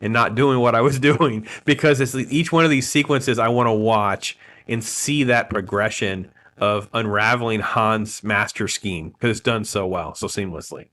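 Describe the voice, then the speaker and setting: Male stream host, slightly low pitch, enthusiastic and conversational. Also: normal speed. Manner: enthusiastic, thanks viewers warmly by name. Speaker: host of a film talk stream. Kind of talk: casual livestream chat.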